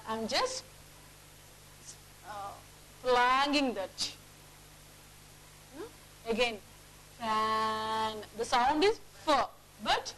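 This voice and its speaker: A woman teaches a phonics lesson in a classroom, with a high, bright voice and an unhurried pace. She says example words aloud and keeps checking whether the class is following. A faint hum sits behind her. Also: animated, low-quality recording. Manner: drills words aloud, checks with quick questions.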